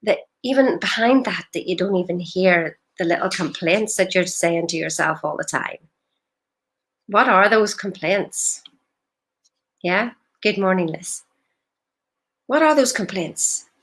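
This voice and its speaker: Woman life coach, lowish voice, blunt and emphatic on a live stream. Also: unhurried, long pauses, fairly bright tone. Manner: direct, emphatic, rhetorical questions.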